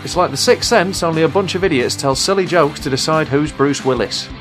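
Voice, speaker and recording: A man voicing a sardonic Grim Reaper, opening a comedy show in a slow, deadpan delivery. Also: a little high, lightly acted. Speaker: announcer. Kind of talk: scripted comic intro. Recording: soft guitar music behind. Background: faint guitar music.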